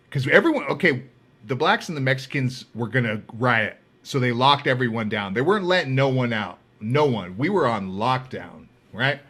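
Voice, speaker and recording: Brief: male podcast host, crisp bright tone, very animated delivery, loose and profane. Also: mid-range voice, measured pace. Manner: animated, swears freely, acts out quoted voices. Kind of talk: casual storytelling.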